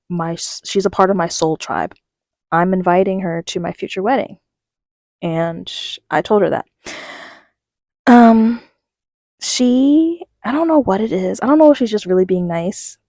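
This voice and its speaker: Young woman, casual vlog chat, animated storyteller, warm mellow tone, dry close sound. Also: mid-range voice, no echo. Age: young adult. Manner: animated storytelling, many fillers, quotes herself. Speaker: vlogger. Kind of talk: casual chatty life update.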